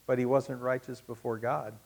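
A man preaching a sermon to his congregation. He swings from loud, emphatic peaks to hushed asides and repeats key phrases for emphasis. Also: medium pitch, level tone, normal speed, vocal fry. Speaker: pastor.

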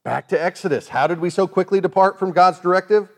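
A man's voice: sits high, fast talker. A man preaching a sermon in a conversational way, acting out the voices of the people he quotes. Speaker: pastor.

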